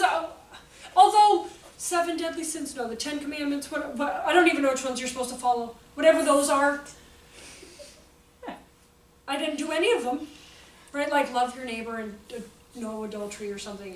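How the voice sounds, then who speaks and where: High-voiced joking woman in an echoey room. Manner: chatty, joking, self-mocking, lively storytelling. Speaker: workshop presenter for teachers. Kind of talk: informal teaching talk. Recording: echoey room from far off, faint background noise.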